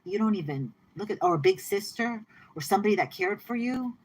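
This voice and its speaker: A woman giving a casual tarot reading to her viewers, chatty and excitable, often repeating herself and laughing. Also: medium pitch, fairly quick, a little hiss or hum, rough recording. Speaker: tarot reader.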